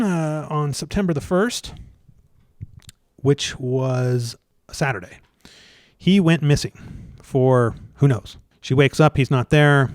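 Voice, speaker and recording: A man telling a story in a casual interview, stumbling over restarts and fillers and getting animated as he retells scenes. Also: mid-range voice, no echo, clean studio sound. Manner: halting, many restarts and fillers. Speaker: guest researcher.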